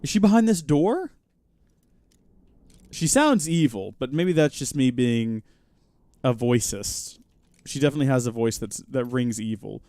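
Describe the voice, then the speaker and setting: Animated, jokey man commenting on a game. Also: mid-range voice, unhurried, pauses often, no echo. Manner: chatty, jokey, reacting out loud. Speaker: host.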